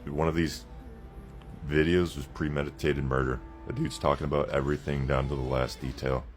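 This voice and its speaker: Man with an extremely deep, flat voice commenting over soft music. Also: a little fast. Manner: incredulous, casual. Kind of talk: social media commentary. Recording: music underneath.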